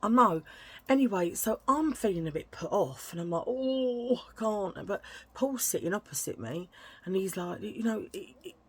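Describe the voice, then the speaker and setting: A woman's voice: mid-range voice, expressive, normal speed, a bit bright, husky. A woman telling a casual story to her vlog viewers, chatty and indignant, often adding "right?". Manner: chatty, indignant, tag questions. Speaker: vlogger.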